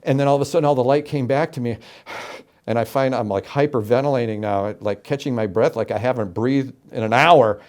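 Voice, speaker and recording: A middle-aged man from Florida, an interview guest telling his story with animated, emphatic delivery and acted-out quotes. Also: mid-range voice, brisk. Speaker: interview guest, game show announcer.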